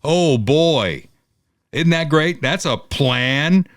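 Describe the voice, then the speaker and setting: A man's voice: fairly high pitch, extremely slow, no room sound, studio quality. A man hosting a podcast, telling stories in casual political chat with sarcastic asides. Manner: animated storytelling, sarcastic. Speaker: podcast host.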